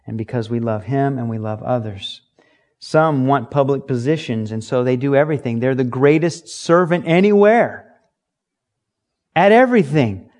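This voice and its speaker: A man delivers a sermon in an earnest, emphatic way. He teaches from scripture, pressing his points with rhetorical questions. His voice sits at an ordinary middle pitch for a man. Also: darkish tone. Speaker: preacher. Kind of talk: sermon, Bible study teaching.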